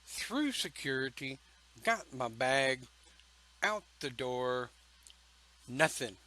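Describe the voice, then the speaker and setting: A man speaks slowly and takes his time, pausing often between phrases. His voice is bright and forceful, with a folksy, emphatic storytelling manner. He sounds like he is talking casually to a camera. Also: medium pitch, sing-song, low-quality recording. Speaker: pagan church speaker.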